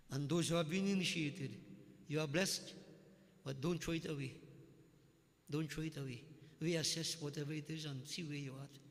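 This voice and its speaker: A man's voice: on the high side, fairly bright tone, big-room sound. A man preaching a sermon, telling folksy stories with jokes. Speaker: religious leader.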